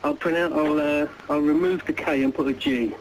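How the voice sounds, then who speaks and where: A man's voice: a little high, fairly even intonation, moderate pace, rough recording. A man calling in to a radio show, telling a joke a bit hesitantly at first, then steadily. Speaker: caller. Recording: loud noise on caller line.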